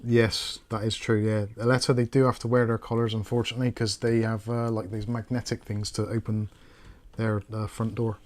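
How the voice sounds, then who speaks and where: A man's voice: on the low side, flat delivery, brisk, a little mellow. A man with a Bristolian accent hosting a livestream, chatting casually and thinking aloud while he builds a PC.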